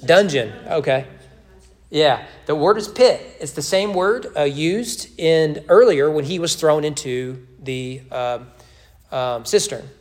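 A man's voice: on the high side, animated, slow. A man leading a church Bible study, teaching in a conversational way with joking asides.

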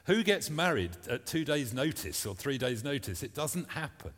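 A man's voice: medium pitch, very animated, moderate pace, a bit bright, big-room sound. A man preaching a sermon at a church service, earnest and plain-spoken, reading scripture aloud between his points.

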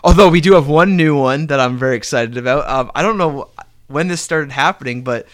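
A man co-hosting a casual chat show, recapping wrestling and acting out the wrestlers' lines in quick voices. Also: on the high side. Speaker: podcast co-host.

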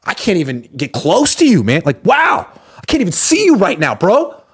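A man's voice: sits high, normal speed, breathy edge, pitched above the performer's own voice, heavily acted. A man voicing a fawning young male football player who gushes compliments at teammates. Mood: gushing. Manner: gushing, flattering.

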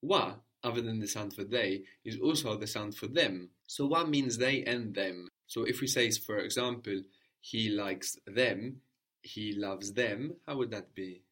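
A man teaching a language lesson, repeating each answer back slowly and checking understanding with a questioning "no?". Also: on the low side, a bit bright.

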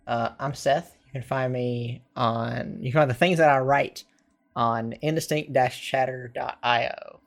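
A man with a mid-range voice co-hosts a podcast in relaxed, casual chat. He talks in a laid-back way and teases his partner. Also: medium pitch, measured pace, creaky. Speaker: podcast co-host.

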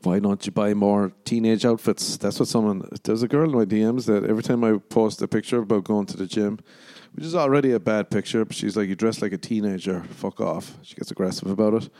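A man's voice: fairly low pitch, quick pace, mellow. Crude Irish man rambling on a podcast. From Ireland. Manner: crude, sarcastic, jumps into mock voices. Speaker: podcast host. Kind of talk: rambling solo podcast chat.

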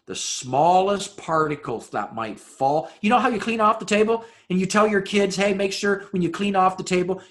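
Preacher man swinging loud to hushed. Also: on the high side. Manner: dramatic rhetorical questions, swings between loud and hushed. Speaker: pastor. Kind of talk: sermon.

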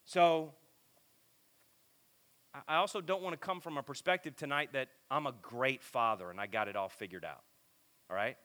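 A middle-aged man preaching a sermon in a casual, animated, self-deprecating storytelling way. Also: medium pitch, normal speed, long pauses. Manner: animated, self-deprecating, lots of filler and repeats.

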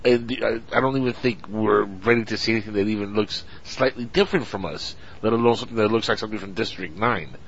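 A low-voiced man host cuts in directly to steer the conversation with questions. He speaks in a casual chatting manner. The sound is dull and lo-fi. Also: fast, hardly any pauses. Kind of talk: casual podcast chat.

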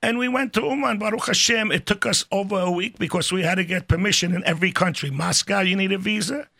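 An older man telling stories in a casual, animated way, acting out the voices of people in them. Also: sits high, fast talker, vocal fry. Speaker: storyteller guest. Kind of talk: casual spoken storytelling.

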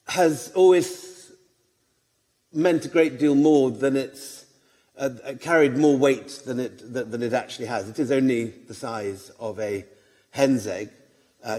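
A man giving a public lecture, his delivery halting and full of "uh" fillers, with wry asides. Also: medium pitch. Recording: long hall reverb.

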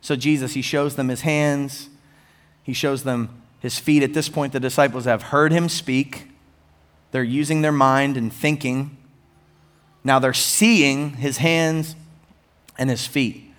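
A man preaching a sermon as pastor, animated with rising emphasis and conversational asides to the congregation. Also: mid-range voice, slow pace, long pauses.

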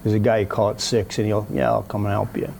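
A man with a gravelly, mellow voice tells a story in a casual interview, faint background noise behind him. He is animated and mimics the people he quotes. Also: fairly low pitch, fast talker. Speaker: guest telling a story.

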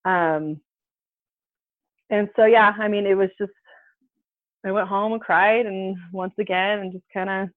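With a medium pitch, a slightly slow pace, and long pauses, a woman in her thirties tells a personal story as a guest on a podcast. Her casual account is animated, with the quoted voices acted out. The line is tinny and phone-like, dry with no echo.

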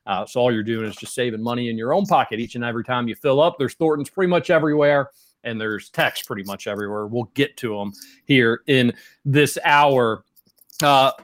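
Chatty sports radio host. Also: male voice, mid-range voice. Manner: chatty, reads ad copy with upbeat emphasis. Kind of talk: casual sports radio chat. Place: radio studio. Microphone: studio microphone.

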